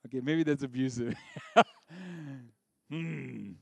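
Animated man preaching a sermon. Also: medium pitch, slow, creaky, dry recording. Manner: animated, dropping to a hushed near-whisper for emphasis. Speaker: pastor.

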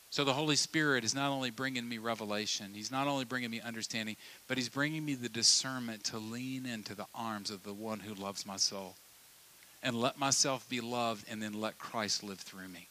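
A man preaching a sermon in a lively, conversational way, acting out the voices of the people in his stories. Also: mid-range voice, normal speed. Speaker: pastor.

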